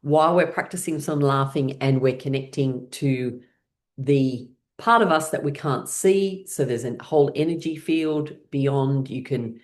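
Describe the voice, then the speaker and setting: Low-voiced woman leading laughter yoga. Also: darkish tone. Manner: cheerful, laughs often between instructions; slow, soothing guided meditation delivery. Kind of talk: guided laughter class.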